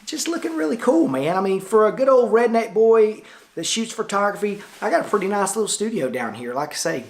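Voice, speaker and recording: Middle-aged Tennessee man, slightly high voice, chatty folksy vlogger, indoor studio, on-camera shotgun mic. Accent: Tennessee Southern. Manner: folksy, chatty, loose with many fillers. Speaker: photographer vlogger. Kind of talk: casual rambling vlog talk. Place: lounge area of his studio, indoors. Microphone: camera-mounted shotgun mic.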